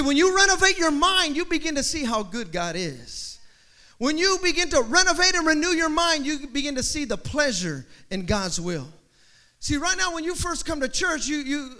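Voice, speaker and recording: A man's voice: extremely high pitch, pushed and bright. A male pastor preaching a sermon in a rising, repeating preacher cadence, with humorous asides and family stories.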